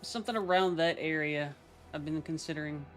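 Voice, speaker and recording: A woman's voice: deep voice, brisk, music in the background. A woman chatting casually as a player in a tabletop game, swearing offhandedly. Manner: casual, swears, laughs easily. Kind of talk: casual chat.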